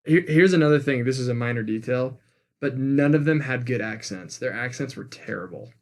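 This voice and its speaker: A man's voice: medium pitch, fairly quick, slight background noise. A man co-hosting a casual movie review podcast, giving blunt, slangy opinions. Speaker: podcast co-host.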